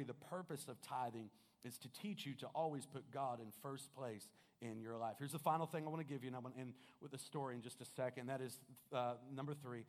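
A man preaching a sermon as pastor, telling a personal story in an earnest manner, swinging between loud and hushed. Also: medium pitch. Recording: music playing behind the voice.

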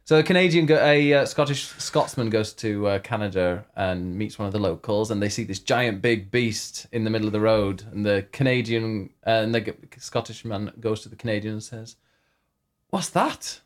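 A man's voice: lowish voice, a little fast, hardly any pauses. A man co-hosting a podcast in casual chat, rambling and chatty, telling jokes, sharing one microphone with his co-host. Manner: chatty, rambling joke-teller. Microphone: one microphone shared between two.

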